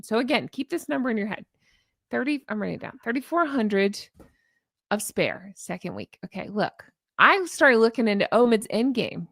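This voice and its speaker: Gravelly-voiced woman chatting on a live stream. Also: fairly high pitch, lively intonation, normal speed, a bit bright, no room sound, studio quality. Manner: chatty, gushing, reads viewer comments aloud. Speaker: YouTube commentary host. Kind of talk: casual live-stream commentary.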